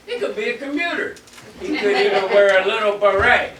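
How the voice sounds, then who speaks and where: Guy playing a gruff loudmouth producer, high bright voice, stage mic far away with echo. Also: expressive, brisk, crowd noise. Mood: scornful. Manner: gruff, loud and insulting. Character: brash bullying male theatre producer. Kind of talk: amateur stage comedy acting. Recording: echoey stage from a distant mic, faint hiss.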